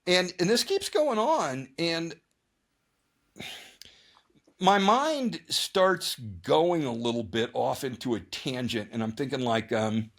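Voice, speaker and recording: Guest male, lively swinging intonation, rambling storyteller full of restarts. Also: a little high, slow pace. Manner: rambling, animated, many restarts and repeated words; acts out his own thoughts and others' lines in voices. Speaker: guest ultrarunner. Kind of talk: casual storytelling interview.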